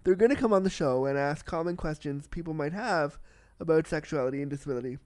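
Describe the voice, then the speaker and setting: Profane excitable podcast host man. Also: a little high, quick pace, no echo, clean studio sound. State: slight cold. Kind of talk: casual solo podcast monologue.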